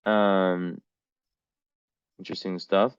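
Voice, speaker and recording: A man's voice: deep voice, flat delivery, slow, clean tone, dry recording, lo-fi sound. A man reading astrology charts in a casual, rambling way, full of fillers and the odd swear word.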